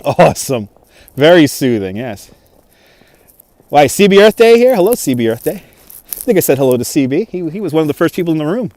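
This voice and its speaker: His voice sits a little high and moves in a sing-song way, a bit quick but broken by frequent pauses, with a darkish tone and no room sound. He's a New York-accented man doing a walk-and-talk livestream in a snowy park, laughing, chatting and reading out comments, shot on a phone on a gimbal.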